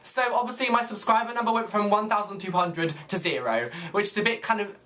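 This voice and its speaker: A young man with a British accent vlogging in a gushing, expressive way, rambling with lots of fillers. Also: sits high, a little fast, slight background noise. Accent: British English. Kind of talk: casual chatty vlog.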